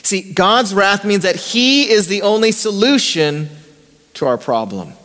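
Animated and a bit bright, this man's high voice moves a little slowly through a conversational sermon. As pastor, he keeps asking the congregation rhetorical questions, his words echoing with long reverb in the church sanctuary.

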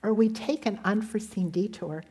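Soft-voiced woman giving a devotional. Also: mid-range voice, normal speed, husky. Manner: gentle storytelling, ends in prayer. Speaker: speaker giving a devotional talk. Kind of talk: devotional sermon.

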